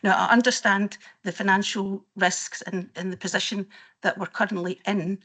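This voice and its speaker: Scottish woman at a board meeting, earnest, halting, voice a bit shaky. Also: medium pitch, fairly even intonation, a bit bright. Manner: earnest, halting, with many restarts. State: voice wavering with emotion. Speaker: board member. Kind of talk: formal meeting speech. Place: council meeting room.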